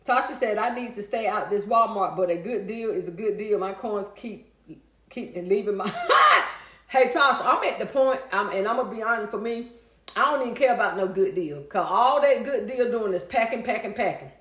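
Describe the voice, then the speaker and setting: A woman with a mid-range voice talks a little quickly as she hosts a casual livestream, chatting with viewers and reading their comments aloud in a folksy manner. The room she's in sounds echoey.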